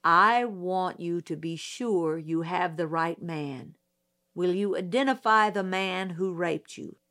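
A woman's voice: lowish voice, slow pace, a bit bright. A woman reading an audiobook, voicing a middle-aged male lawyer who questions a witness patiently in a dry, detached way. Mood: measured, persistent.

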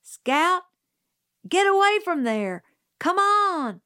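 Woman voicing a bossy yelling boy. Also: sits high, unhurried, no room sound, studio quality, voice pushed up. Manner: yells and scolds. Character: bossy older boy, scornful and loud.

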